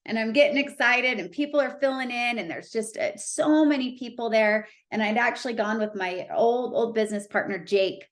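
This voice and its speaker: A woman speaker telling a personal story to an audience, animated and chatty, full of "like" fillers. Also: a little high, normal speed, hardly any pauses. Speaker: motivational speaker.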